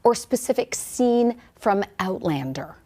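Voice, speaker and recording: A woman's voice: medium pitch, lively intonation, measured pace, dark tone. A woman co-hosting a morning show, asking interview questions in a playful, teasing way.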